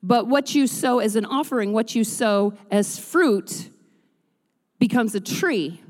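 A woman pastor preaches in a large church, her high voice carrying a long hall reverb. She moves between relaxed, joking asides to the congregation and loud, rhythmic runs of preaching. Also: a little slow. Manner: builds to loud rhythmic preaching, then drops to chatty asides. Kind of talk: sermon. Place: church sanctuary.

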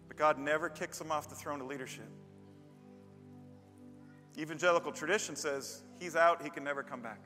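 Male pastor, high and bright, emphatic preacher, long hall reverb, soft band underneath. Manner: emphatic storyteller, building to loud peaks. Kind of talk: sermon. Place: church with a live band. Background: faint band music.

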